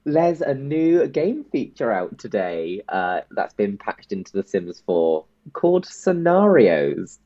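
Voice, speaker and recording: A man's voice: on the low side, sing-song, takes it slowly, hardly any pauses, dark tone, dry recording. A man co-hosting a casual podcast, rambling and hesitant with lots of ums, laughing often. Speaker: podcast co-host. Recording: dull, dry lo-fi sound.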